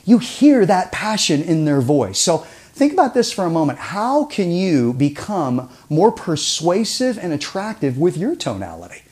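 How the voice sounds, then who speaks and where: A man's voice: sits high, sing-song, moderate pace, a little mellow. A man teaching a persuasion seminar, asking rhetorical questions and sometimes dropping his voice to a near-whisper for effect. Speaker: communication trainer.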